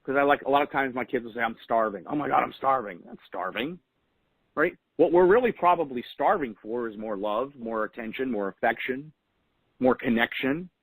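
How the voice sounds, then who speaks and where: A man gives a motivational coaching talk over a phone call. He sounds earnest and leans on repeated phrases to drive his points home. His voice sits at an ordinary pitch, and the sound is close and dry, with no room around it. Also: moderate pace, husky, no room sound. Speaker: motivational host of a weekly huddle call.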